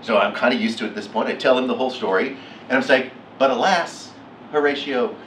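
A man's voice: medium pitch, quick pace, slight background noise. Middle-aged guy telling a story on stage, acts out the quotes, echoey hall, mic pretty far off. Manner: animated, acts out quotes with laughs. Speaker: keynote speaker. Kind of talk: storytelling talk. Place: lecture hall.

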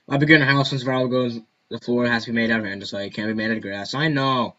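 A man's voice: mid-range voice, fairly even intonation, fast, bright, forceful tone, dull audio. A man giving casual gameplay commentary, rambling and joking to himself. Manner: rambling, jokey self-talk. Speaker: gaming video host.

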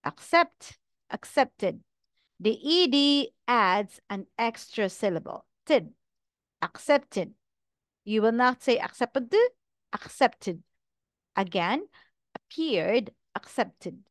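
A woman teaching English pronunciation, reading out verb pairs in a slow, deliberate drill with each word carefully enunciated. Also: on the high side, animated, dry recording, clean studio sound.

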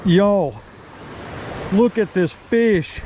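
A man, a fishing vlogger who talks excitedly and exclaims a lot while surf fishing outdoors. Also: sits high, drawn-out words. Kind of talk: excited outdoor vlog commentary. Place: outdoors on an ocean beach, surf behind. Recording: outdoor recording with loud surf noise.

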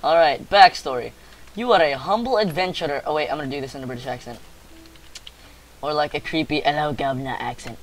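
Upbeat guy with a highish voice goofing around in a let's play, reading quest text out loud. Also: fairly quick, slight background noise. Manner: excitable, joking, reads quest text aloud. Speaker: gaming channel host. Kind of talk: casual let's-play chat with a friend.

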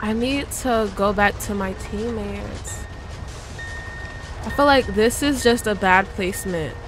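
Slow-talking woman over game music. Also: medium pitch. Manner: chatty, talks straight to viewers; dramatic outbursts of mock outrage. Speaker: gaming YouTuber. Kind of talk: live gameplay commentary.

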